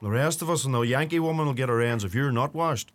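A man's voice: mid-range voice, quick pace, lightly acted. A man playing a cheeky young Irish farmhand. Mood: teasing. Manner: cheeky, teasing banter. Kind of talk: comedy sketch acting.

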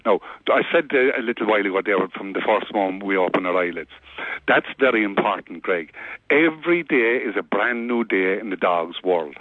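Male guest, phone-in audio, lively storyteller. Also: lowish voice, normal speed, no echo. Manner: animated storyteller, acts out scenes, says "right?" and "okay?" often. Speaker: dog behaviour expert guest. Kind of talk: radio phone-in interview. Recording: tinny phone line.

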